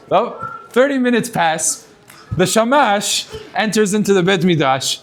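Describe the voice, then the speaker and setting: A rabbi giving a sermon to students. His voice sits fairly high, and he tells stories in an animated way, mixing in Hebrew terms. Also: normal speed.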